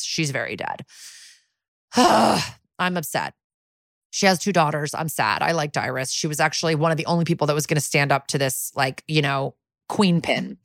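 A woman with a fairly low voice co-hosts a podcast, recorded dry with studio quality. She recaps a TV episode casually and with profanity, livening up the story by acting out characters' lines in quick bits.

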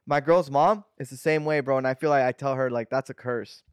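A young man with a lilt trades casual stories on a podcast, full of slang. His voice sits at a middle pitch. The sound is close and dry. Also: fairly even intonation, brisk, clear, resonant tone, no echo. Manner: loose slangy banter, drops into playful voices when quoting. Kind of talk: casual chat.

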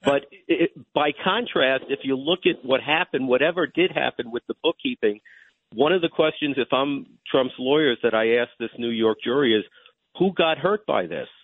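Over a phone line, a man with a medium-pitched voice appears as a guest legal commentator on a radio talk show. He argues in a measured way but often restarts his sentences.

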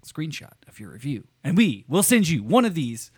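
A man's voice: fairly high pitch, big pitch swings, moderate pace, husky. A man hosting a podcast from a home studio, joking and swearing in casual chat. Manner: joking, swearing, rambling with restarts. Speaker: podcast host.

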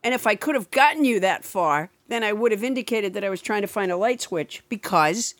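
A woman's voice: medium pitch, expressive, brisk, no room sound. A woman co-hosting a casual game chat, patiently describing her gestures step by step. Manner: narrates her own gestures in a patient, explaining way. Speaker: podcast co-host.

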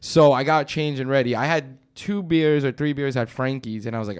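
A man's voice: mid-range voice, fairly quick, clean tone. A young man appearing as a podcast guest, bantering in a laid-back way with some swearing. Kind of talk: casual chat.

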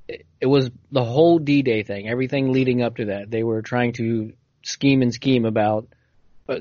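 On a casual podcast, a man tells a story and reads passages aloud, occasionally tripping over difficult words. His voice is medium-pitched and darkish with no room sound, and the recording is dull, dry lo-fi audio.

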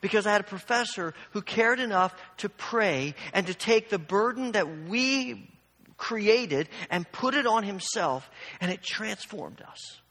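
A man's voice: high-pitched, animated, a little slow, a bit bright. A man preaching a sermon, telling a personal story and then urging his listeners on with growing fervor. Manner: storytelling, building to fervent exhortation. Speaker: pastor. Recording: long hall reverb.

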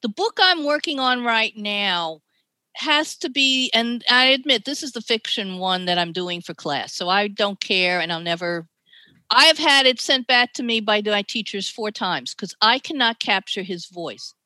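Woman, New York accent, middle-aged, bright clear voice, dry close sound, animated storyteller. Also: medium pitch, measured pace, dry recording. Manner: animated storytelling, chatty, laughs often. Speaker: ghostwriter guest. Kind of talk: podcast interview.

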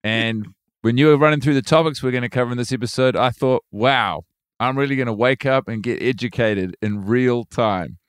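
A comedian from New Zealand with a New Zealand accent, chatting in a wry, understated way as a podcast guest. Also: male voice, mid-range voice, moderate pace, hardly any pauses, clean tone, no echo, studio quality. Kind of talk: casual comedy chat.

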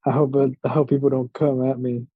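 A man's voice: mid-range voice, flat delivery, fairly quick, breathy edge, dry recording. A man co-hosting a casual sports podcast, easygoing and rambling as he talks. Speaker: podcast co-host. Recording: dull lo-fi mic.

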